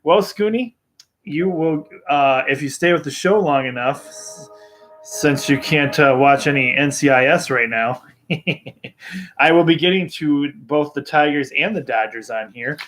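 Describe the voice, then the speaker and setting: Unhurried man hosting sports picks. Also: a little high, a little hiss or hum. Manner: relaxed, filler-heavy, chuckling. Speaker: host. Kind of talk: live-streamed sports picks show.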